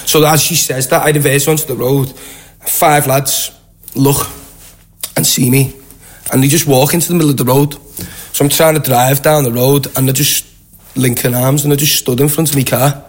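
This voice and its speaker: A man's voice: mid-range voice, normal speed. Man, young adult, Scouse accent, guest, chatty storyteller, does voices for people in the story. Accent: Liverpool. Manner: rambling, animated anecdote with quoted voices. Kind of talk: casual storytelling.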